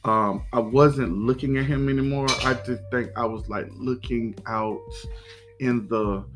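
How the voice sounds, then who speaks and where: A man hosting a podcast, telling a personal story in a halting, reflective way, with many pauses and restarts. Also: mid-range voice, fairly even intonation, music in the background, poor audio. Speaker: podcast host.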